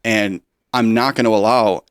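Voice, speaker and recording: Male guest, relaxed talker recounting events, low voice. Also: moderate pace, clean tone, dry recording, studio quality. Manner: casual, full of fillers like "you know". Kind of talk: telling his own story in an interview. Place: podcast studio.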